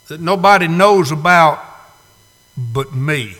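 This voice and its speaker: A man preaching a sermon, swinging from loud to hushed, with slow emphatic phrasing. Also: high-pitched, expressive. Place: church sanctuary. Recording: long hall reverb.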